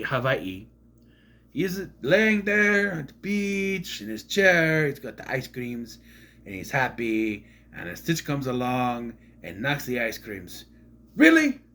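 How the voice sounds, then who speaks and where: A man's voice: fairly high pitch, sharp tone. A man giving a casual, rambling film review, sarcastic and often tripping over names. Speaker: movie reviewer.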